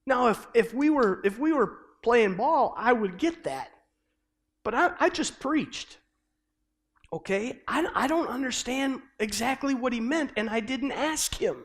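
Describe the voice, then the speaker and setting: A middle-aged man preaching a sermon, telling a personal story in an earnest, halting way with many restarts, swinging between loud and hushed. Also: very high voice, animated. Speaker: pastor.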